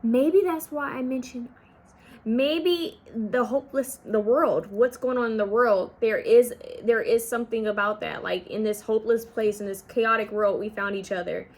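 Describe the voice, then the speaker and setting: A woman's voice: fairly high pitch, moderate pace. Rambling woman giving a tarot reading. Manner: rambling, filler-heavy, trails off mid-thought. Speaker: tarot reader. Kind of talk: casual pick-a-card tarot reading.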